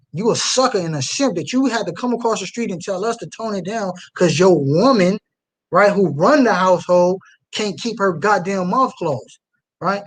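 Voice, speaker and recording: A young man preaching on the street and reacting live to a video, fiery, swinging from low mutters to loud outbursts.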